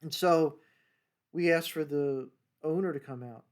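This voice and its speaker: A man's voice: fairly high pitch, unhurried. An older American man, a former federal wildlife agent, casually telling rambling stories from his career and acting out the dialogue. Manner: rambling, acts out dialogue in quoted voices. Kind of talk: casual storytelling monologue.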